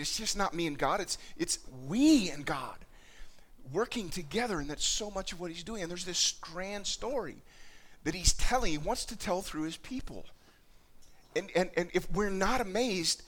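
A man preaching a sermon as pastor, talking earnestly and haltingly, often restarting and repeating words as he goes. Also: high-pitched, a bit bright. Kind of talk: sermon with spoken prayer.

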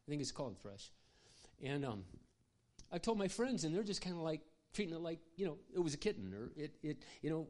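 A man's voice: fairly high pitch, big pitch swings, a little fast, darkish tone. An older man who is a pastor, preaching a sermon through personal stories. He speaks passionately and conversationally, with asides to his audience. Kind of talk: sermon storytelling.

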